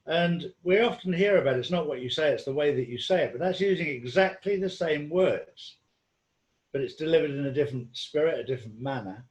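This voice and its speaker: A man's voice: a little high, fairly quick, roomy sound. A man in casual conversation, telling rambling stories with lots of ums and restarts. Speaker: guest.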